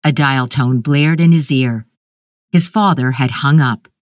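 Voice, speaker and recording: A woman narrating a literary short story in a measured, even storytelling manner. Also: very deep voice, no room sound, clean studio sound.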